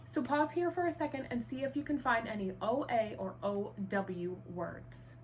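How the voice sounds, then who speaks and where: A woman teaching an online first grade reading lesson, upbeat and encouraging, enunciating clearly. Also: on the high side, moderate pace, a little hiss or hum.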